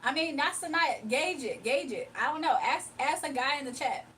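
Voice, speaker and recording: Her voice sits high and sounds a bit bright, moving at a normal speed. She's a woman running a casual livestream, trading jokes with her chat and frequently laughing. The audio is distant, with faint background noise.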